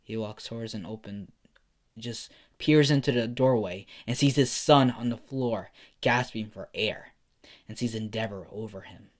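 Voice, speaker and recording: Brief: young man, storyteller improvising a fan story, slow and casual, stumbling over his words. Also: on the low side. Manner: casual, with fillers and self-corrections.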